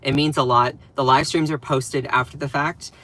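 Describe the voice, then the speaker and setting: A man's voice: medium pitch, fairly even intonation, normal speed, a bit bright. A man with a Southern US accent giving casual live-stream commentary, emphatic and repeating phrases for stress.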